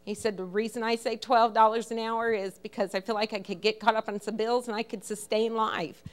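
A woman's voice: on the high side, fairly even intonation, brisk, smooth. Middle-aged woman, church testimony, emotional storyteller, quotes dialogue. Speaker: church member giving a testimony. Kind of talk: personal testimony.

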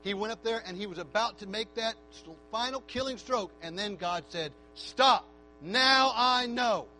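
A man preaching a sermon in a church, moving from quiet, reflective talk to a shouted, fervent altar call. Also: high-pitched, brisk, soft background music, rough recording.

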